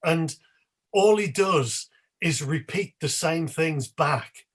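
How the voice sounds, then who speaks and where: A man chats as a guest on a live panel show, rambling with filler words and a mocking comic edge. His voice is husky and a touch high. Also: slow. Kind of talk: casual panel chat.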